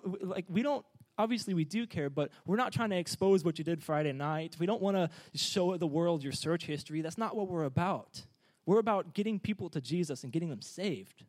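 A man preaching a sermon, energetic and joking, urging the congregation to answer back. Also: high voice.

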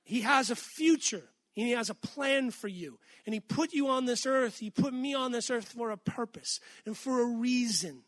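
A man's voice: very high voice, normal speed, few pauses. A man preaching an earnest, emphatic sermon, calling out to the congregation for amens.

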